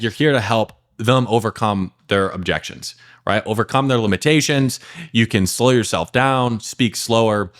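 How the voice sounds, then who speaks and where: A young adult man coaching salespeople to camera in a blunt, emphatic way, swearing casually and acting out what prospects say. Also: mid-range voice.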